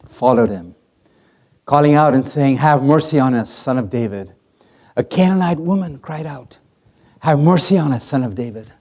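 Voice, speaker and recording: Middle-aged male preacher, warm husky tone, dramatic storyteller who drops to a hush. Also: mid-range voice. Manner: dramatic storytelling, swings from loud to hushed. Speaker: pastor. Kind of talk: sermon.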